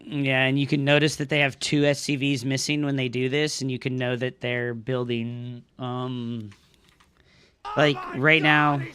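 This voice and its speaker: A young man streaming a strategy game live, commenting on his play with excitable, profane outbursts and talking to his chat. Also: mid-range voice, measured pace, smooth. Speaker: streamer and coach.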